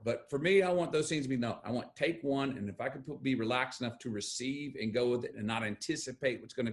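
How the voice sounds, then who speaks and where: A man with a Texan accent, a guest in an interview, telling stories emphatically and acting out quoted voices. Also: medium pitch. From Texas. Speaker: guest actor. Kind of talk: animated storytelling interview.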